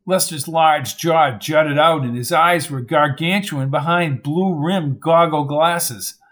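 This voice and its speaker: A crime novel is narrated here by a man with a somewhat high voice for his gender. As an audiobook narrator working from a script, he reads steadily and deliberately, never letting the even pace of the story waver.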